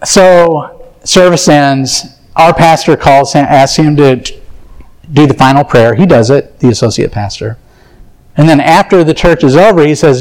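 A man's voice: fairly high pitch, a little slow, darkish tone, rough recording. A man preaching a sermon, telling a personal story in an earnest, confessional way and acting out his own thoughts.

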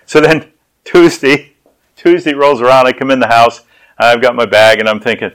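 A man's voice: mid-range voice, fairly even intonation, normal speed, clean tone, rough recording. A man preaching a sermon as pastor, telling personal stories and acting out the people in them. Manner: storytelling, acts out voices.

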